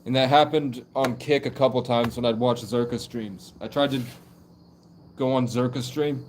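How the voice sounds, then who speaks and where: A man's voice: mid-range voice, steady tone, normal speed, darkish tone, a little hiss or hum. A young man livestreaming and talking in a loose, rambling way, full of "like" fillers. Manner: rambling, heavy use of "like" fillers. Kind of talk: casual live stream monologue.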